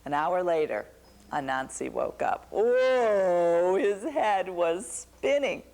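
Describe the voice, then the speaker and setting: A woman telling a folktale to a young audience, animated and asking them questions. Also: lowish voice, slow, creaky. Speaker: storyteller.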